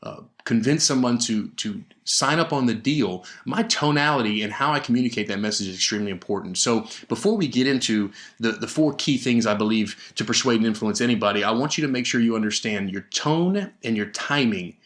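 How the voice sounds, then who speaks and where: A man hosting a sales coaching podcast, talking in an emphatic, energetic motivational style and repeating key words for stress into a podcast microphone. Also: mid-range voice, a little fast, few pauses. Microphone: studio podcast microphone.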